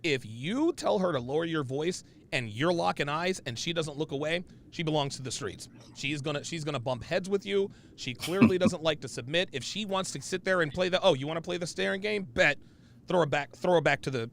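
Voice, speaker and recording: A man's voice: on the high side, a little fast, a little hiss or hum. A man hosting a casual podcast, talking bluntly and emphatically with profanity and restarts. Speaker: podcast host.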